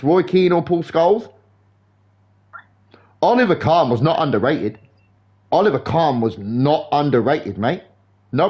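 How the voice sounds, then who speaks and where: While streaming a game live, a young man chats casually in a slightly high voice. His football banter is animated and rambling, packed with swearing.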